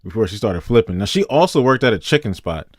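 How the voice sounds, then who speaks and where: Animated man reacting, dry close voice. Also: fairly low pitch, fast, no room sound. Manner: animated, acts out voices when explaining. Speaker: reaction video host. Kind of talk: casual reaction commentary.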